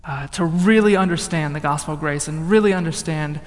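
A young man from the northern United States telling a personal testimony, animated, swinging between loud outbursts and hushed, low passages. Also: fairly quick. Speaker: speaker giving a testimony. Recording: long reverb of a large hall.

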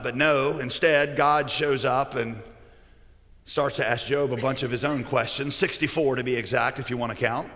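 A man's voice: medium pitch, animated, unhurried, sharp tone, in a large hall. A man preaching a sermon, telling stories and slipping in jokes. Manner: storytelling, joking.

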